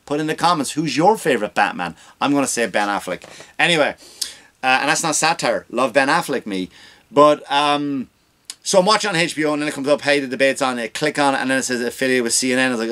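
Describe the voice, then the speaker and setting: A male comedy podcast host in full rant, swearing freely and jumping into other people's voices to act them out. His pitch sits in the middle range for a man. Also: a little fast. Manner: animated, swears freely, acts out quoted voices.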